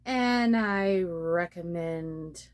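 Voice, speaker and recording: A woman's voice: fairly low pitch, very slow. A young woman talking casually to her phone camera about starting a podcast, poking fun at her own mistakes. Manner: self-deprecating, laughs at her own slips. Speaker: beginner podcaster and blogger. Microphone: phone on a ring light tripod.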